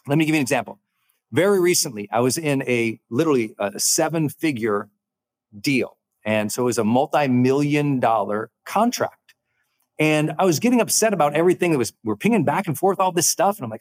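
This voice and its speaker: A man hosting a motivational talk, speaking emphatically, slowing down to stress key points and acting out quoted voices. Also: very animated. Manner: acts out quoted voices in a higher pitch. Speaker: host.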